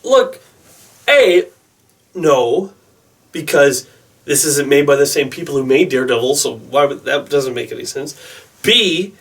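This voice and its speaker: A young man with a somewhat high voice rambles through his movie predictions, excitable and full of asides. He sounds set back a little from the microphone. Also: a little slow, long pauses, far from the mic. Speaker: movie vlogger. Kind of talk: casual opinion vlog.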